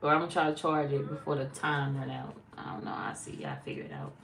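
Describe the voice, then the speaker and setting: A woman's voice: rumbling low, sing-song, fast, vocal fry, noisy background. A woman reading tarot in a casual, blunt, chatty way, swearing freely. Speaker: tarot reader. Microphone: phone.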